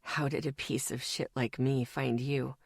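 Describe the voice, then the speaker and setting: A woman playing a dying young man, low, faint whispering voice, breathy and despairing, slow, audiobook. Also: steady tone, no echo, studio quality. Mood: weak. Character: weak, exhausted young man near death.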